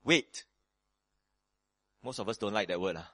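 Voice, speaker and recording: A man preaching a sermon on a Bible passage, animated and dramatic, moving between loud emphasis and hushed tones, with casual asides to his listeners. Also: fairly low pitch, measured pace. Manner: conversational asides with frequent "you know" and "right".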